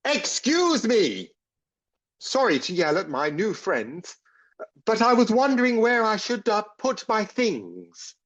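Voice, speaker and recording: A man's voice: high-pitched, sing-song, unhurried, a bit bright, full character voice. A man playing an eager, naive young recruit in an audio comedy, polite and chirpy with old-fashioned turns of phrase. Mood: cheerful.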